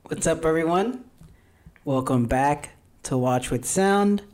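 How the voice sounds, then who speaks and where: A young man hosting a casual podcast, talking in a relaxed, earnest way with plenty of fillers. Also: a little high, takes it slowly, loud music behind the voice. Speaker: podcast host. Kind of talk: casual chat.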